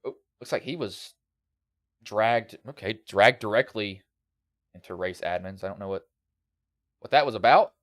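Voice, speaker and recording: A man's voice: lowish voice, moderate pace, pauses often, dry recording, studio quality. A male sim racing broadcaster with a slight country lilt, giving a casual, rambling post-race recap over a headset.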